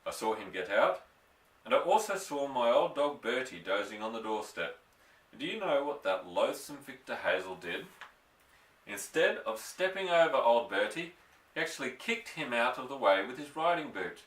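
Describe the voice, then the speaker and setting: A man reading a storybook aloud, voicing an excitable, indignant little elderly country doctor. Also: normal speed, far from the mic. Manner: indignant, excitable, raised higher voice. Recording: echoey room, voice off-mic.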